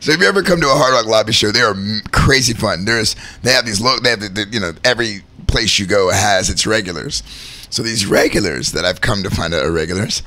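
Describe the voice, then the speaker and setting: Bright-voiced man telling animated stories. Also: on the low side, fast. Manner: animated, laughing, acts out stories. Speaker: host and wedding DJ. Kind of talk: casual storytelling chat.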